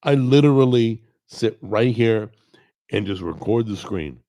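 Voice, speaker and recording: Speaking into a desk microphone over a video call, this middle-aged cooking show host rambles to camera in casual, plainspoken, self-deprecating chat. His voice is low, gravelly, and strained from a paralyzed vocal cord, crackly and rough yet mellow. He's animated but unhurried, running a little slow.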